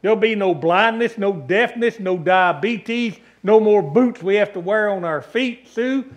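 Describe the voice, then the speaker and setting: A man's voice: sits high, unhurried. A man, a pastor preaching a sermon in church, building emphatic lists and calling for amens. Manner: emphatic preaching with long repeated lists and calls for amen. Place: church sanctuary.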